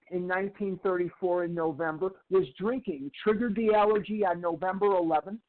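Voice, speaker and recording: Male recovery speaker with a high voice who tells stories and drives points home by slow repetition; thin, phone-like recording. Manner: slow, emphatic repetition of phrases. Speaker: twelve-step recovery speaker. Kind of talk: storytelling lecture. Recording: tinny phone-like sound.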